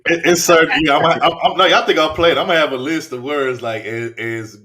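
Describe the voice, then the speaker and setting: A man's voice: a little high, fairly quick, bright, forceful tone. A young man hosting a casual livestream chat, laid-back, often saying "you know what I'm saying". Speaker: podcast host.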